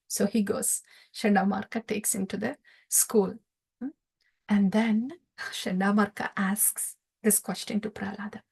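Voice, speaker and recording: A woman teaching a scripture class, telling the story in an animated way with fillers and laughs. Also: mid-range voice, measured pace, creaky, slightly rough.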